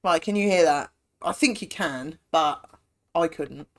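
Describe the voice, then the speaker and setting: A woman's voice: deep voice, unhurried. A woman chatting casually as a streamer while playing a game, rambling and self-mocking. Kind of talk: casual chat while gaming.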